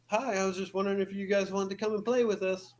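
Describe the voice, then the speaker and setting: A man's voice: sits high, steady tone, quick pace, pitched above the performer's own voice, natural voice. A man voicing an odd, puppyish young girl in a raised voice while telling a story. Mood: eager.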